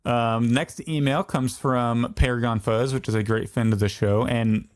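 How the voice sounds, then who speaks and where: A man's voice: mid-range voice, steady tone, measured pace. A man hosting a podcast in casual, easygoing chat, talking loosely with many fillers. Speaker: podcast host.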